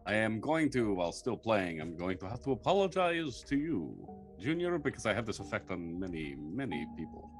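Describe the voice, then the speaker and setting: A man at a tabletop game table, speaking in a boastful, mock-grand manner. His voice is lowish, and his pitch swings in a lively way. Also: moderate pace, few pauses, soft background music. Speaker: player.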